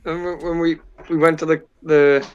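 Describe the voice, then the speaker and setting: A man's voice: fairly high pitch, flat delivery, moderate pace, a little mellow, clean tone, dull audio. A man chatting on a video call, laughing often and rambling through a memory. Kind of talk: casual chat on a video call.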